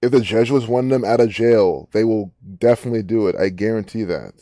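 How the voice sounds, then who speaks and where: Man, low voice, mellow dark tone, dry close sound, rambling profane commentary. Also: fairly quick, no echo. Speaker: online commentator. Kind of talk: casual commentary reading social media posts.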